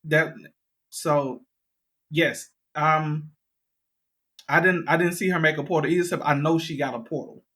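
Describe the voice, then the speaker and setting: A man's voice: on the high side, fairly even intonation, moderate pace, pauses often, sharp tone. A man co-hosting a podcast, chatting casually and thinking aloud with hesitant fillers. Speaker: podcast co-host. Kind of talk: casual chat.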